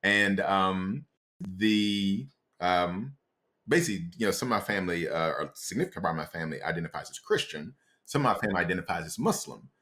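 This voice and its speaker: A man with a very low voice, speaking as a podcast guest. He is reflective and halting, often restarting sentences as he searches for the right words. He grew up in Columbus, Ohio. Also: lively intonation, a bit bright. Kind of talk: casual interview conversation.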